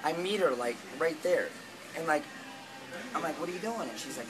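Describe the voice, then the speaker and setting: A man telling a long story in casual, rambling talk, with lots of swearing and animated retellings of what people said. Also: fairly high pitch, fairly quick, over loud music, low-quality recording.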